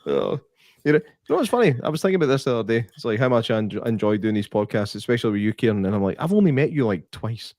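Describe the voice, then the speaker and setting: A man's voice: lowish voice, lively intonation, racing, darkish tone, no room sound, clean studio sound. A man co-hosting a casual podcast, friendly and teasing, often restarting his words. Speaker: podcast co-host. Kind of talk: casual chat.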